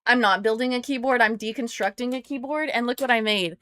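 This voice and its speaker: A woman's voice: fairly high pitch, brisk, a bit bright, clear, resonant tone, no echo. Playful American woman streaming, dry sound. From United States. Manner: playful, rambling, chatting to viewers while tinkering. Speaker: live streamer. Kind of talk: casual live stream chat.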